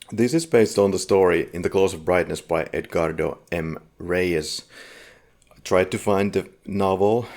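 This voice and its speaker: A man hosting a podcast, giving film background in a relaxed, conversational way. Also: low-pitched, creaky. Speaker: podcast host. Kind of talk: casual film discussion.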